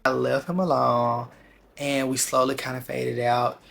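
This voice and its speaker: A man vlogger telling a personal story in a candid, slangy, animated way. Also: medium pitch, a little slow, creaky. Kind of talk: casual storytime vlog.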